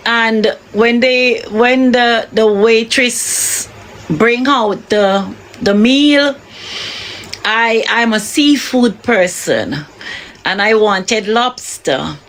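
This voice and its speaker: A middle-aged woman with a Jamaican accent, telling stories with soft laughs in a live-streamed interview. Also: a little high, slight background noise. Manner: unhurried storytelling with soft laughs. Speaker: interviewee, bereaved mother.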